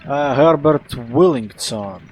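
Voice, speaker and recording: A man's voice: medium pitch, expressive, slow pace, darkish tone, a little hiss or hum, rough recording. A man, playing and commenting on a detective game in a rambling, playful way. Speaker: let's play host. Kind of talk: gameplay commentary.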